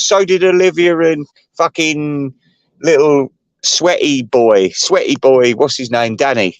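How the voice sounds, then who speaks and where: A man's voice: a little high, moderate pace, dry recording. A man hosting his channel, ranting in a rambling, gossipy and profane way. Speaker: channel host. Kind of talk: rambling livestream rant.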